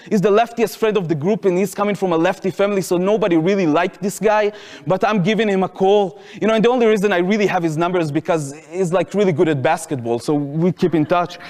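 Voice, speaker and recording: In a lecture hall, a man in his twenties with an Israeli accent tells an audience his own story in vivid present tense. His voice sits high and is a little mellow, trailed by long reverb.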